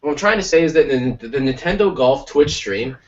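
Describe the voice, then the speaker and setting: A man at a middle pitch rambles through casual podcast talk, animated and full of asides. He picks up from a distance on a dull, lo-fi mic. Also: fairly quick. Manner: rambling, animated, acts out quoted voices. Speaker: podcast host. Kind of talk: casual chat.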